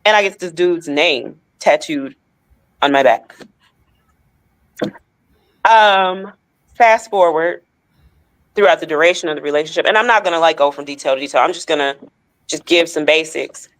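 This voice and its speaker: A woman's voice: deep voice, normal speed, pauses often. Woman telling a raw personal story. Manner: emotional, speaks straight to listeners. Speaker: podcast co-host.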